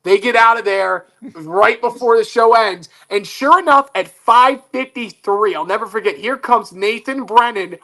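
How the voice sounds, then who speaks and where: Bright-voiced man telling a story. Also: sits high, normal speed, few pauses. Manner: animated, self-mocking storyteller. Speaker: guest. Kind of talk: casual radio talk show chat.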